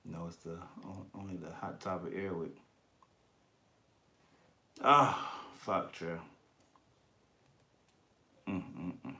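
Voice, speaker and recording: A man's voice: sits low, fairly even intonation, slow pace, pauses often, pushed and bright. A man hosting a collectibles channel, chatting casually on a livestream and reading viewer comments. His talk is slangy and profane, and he laughs often.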